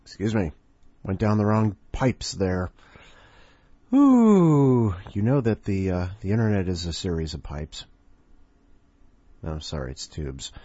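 A man hosts a podcast in casual, rambling chat, cracking jokes as he goes. His voice is low and husky, and he speaks slowly. The recording is dry and dull, with a lo-fi sound. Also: darkish tone, dry recording. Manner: joking, rambling. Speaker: podcast host.

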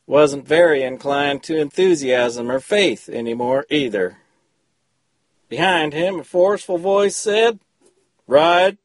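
A man's voice: on the high side, expressive, unhurried, no echo, studio quality. A man recording himself on a phone, reading his short story after a chatty intro. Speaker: story contributor.

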